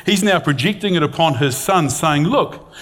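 A man's voice: a little high, lively intonation, moderate pace, a bit bright. A middle-aged man preaching a sermon, retelling a scripture story in a conversational, storytelling way and reading passages aloud.

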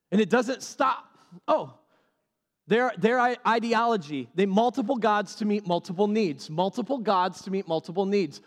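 Pastor guy preaching, kinda high voice, repeats stuff a lot, lots of hall echo. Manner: animated, repeats key phrases for emphasis. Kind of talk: sermon.

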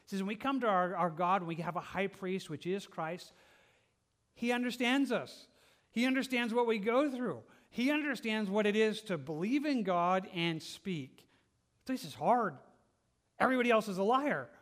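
A man with a fairly high voice preaching a verse-by-verse sermon. He talks to his congregation in an earnest, conversational way, often restarting a phrase and laughing softly between thoughts. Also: lively intonation, moderate pace. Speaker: pastor.

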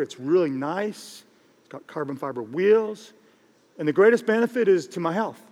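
A middle-aged man, a pastor, preaching a sermon in an animated, joking way and repeating phrases for emphasis. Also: on the high side. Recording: long reverb of a large hall.

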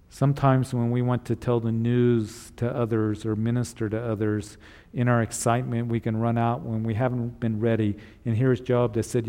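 A man preaching a sermon, reading scripture and retelling it in casual words, then gently encouraging his listeners. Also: medium pitch, long reverb tail. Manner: retells scripture in casual paraphrase with acted voices; earnest, encouraging. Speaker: pastor.

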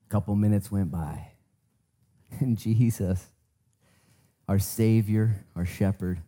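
Male pastor, sermon, fervent, low voice, mellow tone. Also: steady tone, slow pace, long pauses. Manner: fervent, swings from hushed to emphatic. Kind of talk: sermon with prayer.

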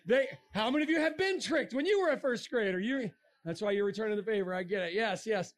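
A middle-aged man giving a lively creationist talk to a young audience, joking and asking the crowd questions. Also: high voice, quick pace. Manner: animated, asks the crowd questions, jokes. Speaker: creationist speaker.

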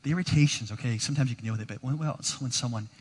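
A man preaching a sermon in a casual, conversational way, moving between quiet asides and emphatic points. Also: medium pitch, rapid-fire, husky. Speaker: pastor. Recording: long hall reverb.

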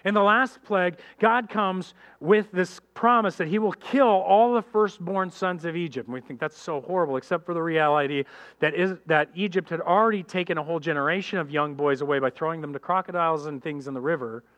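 A man preaching a sermon as pastor, animated and addressing the congregation directly, acting out characters in quick voices. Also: on the high side.

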